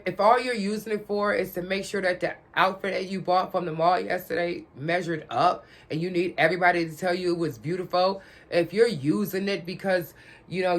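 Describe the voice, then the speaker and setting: A woman giving a blunt, profane, lecturing rant straight to her audience, repeating her questions for emphasis. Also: lowish voice. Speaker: vlogger. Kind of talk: direct-to-camera rant.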